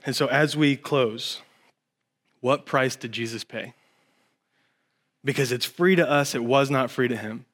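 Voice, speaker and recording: A man in his thirties preaching a sermon in a church, moving from low earnest passages to excited, high-pitched bursts. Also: unhurried, pauses often. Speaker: pastor.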